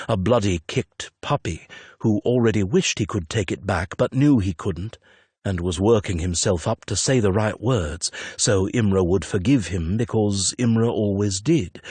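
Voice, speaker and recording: Male audiobook narrator; measured, low, a little husky, dry close read. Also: darkish tone, dry recording. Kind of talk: scripted narration.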